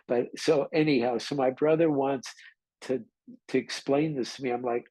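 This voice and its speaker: A man's voice: mid-range voice, steady tone, normal speed, mellow, breathy edge, no room sound, rough recording. A man, a meditation teacher, giving an informal dharma talk and telling a candid, rambling story with mild swearing.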